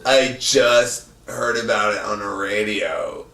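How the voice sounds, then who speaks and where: A man guesting on a podcast, talking casually and profanely, sometimes loud and sometimes mumbling. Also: on the low side, fairly even intonation, slow pace. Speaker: podcast guest, van traveler. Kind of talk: casual chat. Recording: roomy sound from a distant mic.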